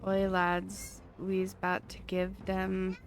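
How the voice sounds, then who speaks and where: A woman's voice: medium pitch, completely flat delivery, slow, soft background music. A woman voicing a rowdy brawler with a put-on Cockney accent, rallying his lads for a fight.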